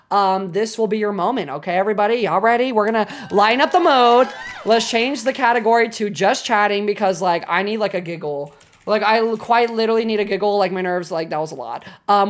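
A young woman in her twenties streaming, chatting casually and excitably with lots of filler words. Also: mid-range voice. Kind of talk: casual livestream chat.

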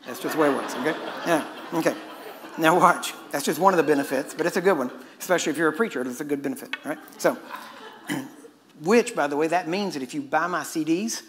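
Fast-talking preacher man. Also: on the high side, background noise. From Texas. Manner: fast-talking and joking with the audience. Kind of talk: sermon.

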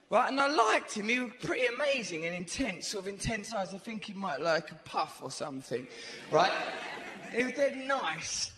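On a theatre stage before a live audience, a man with a high voice performs stand-up comedy at normal speed. His rambling, animated stories are full of "right?" asides. The echoey live hall carries audience noise.

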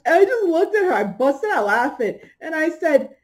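A woman's voice: high voice, very animated, normal speed, hardly any pauses. A middle-aged woman hosting a podcast, telling a personal story in a casual way. She laughs often and acts out the people she quotes. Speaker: podcast host.

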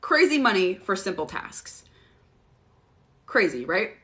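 A woman's voice: medium pitch, very animated, slow pace, bright, forceful tone. A young woman hosting a casual livestream, telling stories and answering viewer questions, swearing freely and laughing often.

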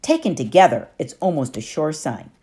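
A woman's voice: deep voice, big pitch swings, normal speed, mellow. A woman reading an audiobook, voicing a clever, self-assured teenage girl who explains things patiently and knowingly.

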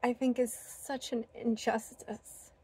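A woman vlogger sharing a heartfelt spiritual talk, earnest and gentle, with many fillers and restarts. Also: on the high side, little pitch movement, slow pace, slightly rough. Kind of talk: heartfelt personal talk to camera.

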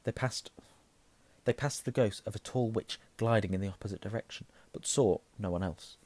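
A hoarse man reading a novel aloud, hushing at tense moments and correcting himself. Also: on the low side, normal speed. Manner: self-correcting, softening to a hush at tense moments. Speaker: reader.

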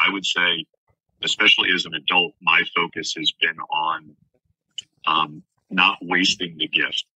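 A man in his forties from southern New Jersey, a podcast guest speaking earnestly and haltingly with many fillers. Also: low-pitched, sharp tone, breathy edge, no room sound, low-quality recording. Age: 40s. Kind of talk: casual interview chat.

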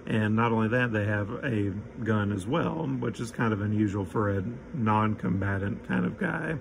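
Gravelly low man, noisy recording. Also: moderate pace. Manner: easygoing, with frequent ums. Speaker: toy collector giving opinions. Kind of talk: casual chat.

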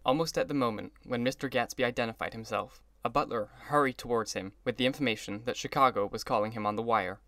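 A man's voice: mid-range voice, fast talker, hardly any pauses, sharp tone, no echo. Man narrating a novel, dry close sound. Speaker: audiobook narrator.

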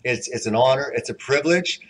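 A man's voice: medium pitch, low-quality recording. A man introducing the next speaker at a conference, enthusiastic and admiring, with small restarts. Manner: enthusiastic, admiring, slightly halting.

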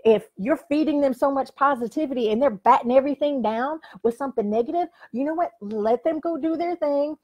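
A woman's voice: high voice, brisk, few pauses, darkish tone, dull audio. An older woman who coaches people, giving a frank, emphatic motivational talk to a camera and saying "like" often. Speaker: life coach. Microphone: facing the camera.

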